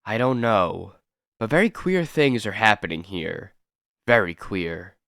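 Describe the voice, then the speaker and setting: A man voicing a frightened young woman nurse who speaks in a nervous hush. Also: lowish voice, animated, a little slow, gravelly, dry recording, clean studio sound, heavily acted. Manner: nervous, hushed.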